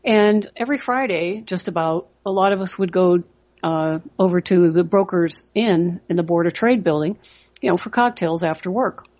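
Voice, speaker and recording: A woman's voice: on the low side, normal speed, a little mellow, dull audio. A middle-aged woman hosting a trading podcast, giving motivational talk and telling stories in an earnest way with lots of "you know" fillers. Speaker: trading coach and podcast host.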